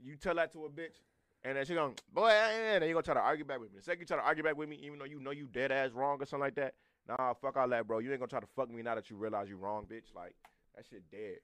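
A man's voice: mid-range voice, racing, a bit bright. A man bantering bluntly and profanely on a casual podcast. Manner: blunt, profane, brash storytelling.

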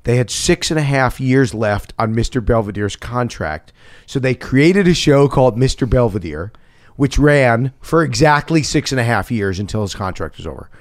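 A man in his fifties chats casually as a podcast guest. He tells his stories with lively, laughing energy in an ordinary mid-range voice. The sound is close and dry. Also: medium pitch, moderate pace, no echo. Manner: animated storyteller, laughing often. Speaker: actor guest.

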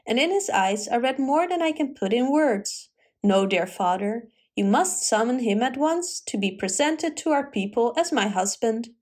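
A young storybook princess with a high, breathless voice that pleads and gushes, as a woman reads her lines. Her pitch sits well above an ordinary speaking voice. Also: expressive, normal speed, a little mellow. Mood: earnest. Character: young princess, overwhelmed and tender.

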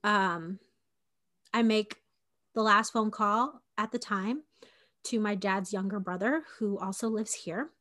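A young woman in her twenties tells a personal story in a loose, conversational way. She scatters "like" and fillers through her talk and acts out what each person said. Her voice sits at an ordinary middle pitch for a woman. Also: slow pace, bright, forceful tone. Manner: conversational, frequent "like" and fillers, acts out quoted dialogue.

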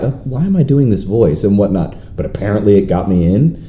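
A man in casual podcast chat, his voice mellow and soft-edged. He swings his pitch widely and jumps high when he acts out what others said. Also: fast talker. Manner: animated storytelling, acts out quotes in high voices. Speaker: podcast co-host.

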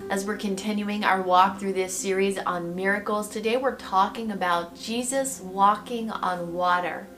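A woman's voice: mid-range voice, normal speed. A woman hosting a devotional podcast, teaching a Bible passage in a conversational way and often checking in with her listeners. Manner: animated storytelling, acts out the scene. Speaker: podcast host and pastor's wife.

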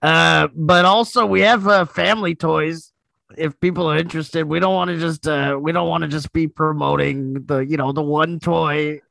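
A man doing a comic impression of a laid-back young male comedian, raspy and halting, full of fillers. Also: a little high, steady tone, fairly bright tone. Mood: deadpan. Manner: halting, full of "uh" and "you know".

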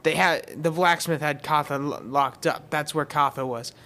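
A polite young prince, played by a man running a tabletop game, calm and matter-of-fact. The voice is a touch higher than average for a man, with little put-on flourish. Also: normal speed.

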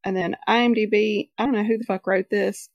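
A woman's voice: medium pitch, fairly even intonation, brisk, gravelly, dry recording, highs cut off. A woman co-hosting a casual podcast, chatty and picky about details, reading summaries aloud. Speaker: podcast co-host. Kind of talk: casual chat.

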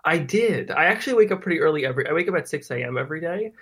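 A man's voice: on the high side, expressive, very fast, a bit bright, breathy edge. A young man in his late teens with an American accent, a guest chatting casually on a podcast with lots of fillers. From New Jersey, US. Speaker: guest cook.

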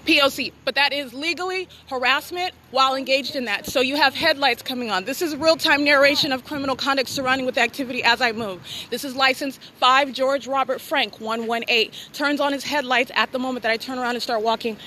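Woman, bright voice, insistent repetitive narration, handheld phone, outdoor parking lot at night. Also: sits high, fairly even intonation, brisk, hardly any pauses, a little hiss or hum, rough recording. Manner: insistent, repetitive, clipped phrasing. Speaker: self-documenting videographer. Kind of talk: real-time narration while filming.

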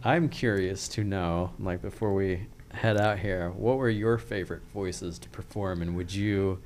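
A man's voice: low voice, fairly even intonation, unhurried, a little mellow, a little hiss or hum. A man hosting a podcast, asking easygoing, joking interview questions.

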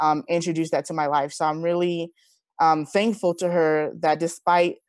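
At a normal speed, a woman in her thirties with a low, clean voice tells personal stories as an interview guest. The recording is dry and studio-clean, and she comes across as sincere, heartfelt and animated in the conversation.

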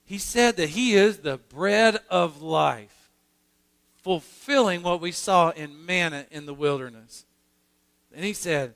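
A man's voice: high-pitched, expressive, slow, pauses often, a bit bright. A male pastor preaching a sermon, earnest and emphatic, often restarting his phrases. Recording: long hall reverb in a sanctuary.

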